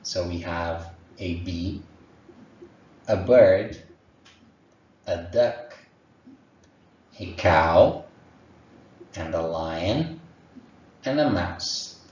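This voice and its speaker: A man teaching an online lesson to young children, speaking in a slow, encouraging way and sounding out animal noises. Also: low voice, a little mellow. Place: room at home. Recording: echoey, distant, dull home recording.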